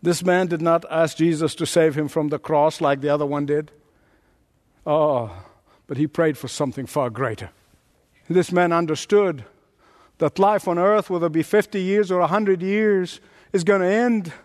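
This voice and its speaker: A man's voice: fairly high pitch, normal speed. A man preaching a sermon as a pastor, emphatic and driving his points home with rhetorical repetition. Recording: long hall reverb.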